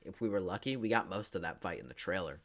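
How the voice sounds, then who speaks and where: A man's voice: sits low, animated, fast, fairly bright tone, a little hiss or hum. A young man giving a profane, sarcastic movie recap, full of filler words and swinging between mutters and outbursts. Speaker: movie reviewer.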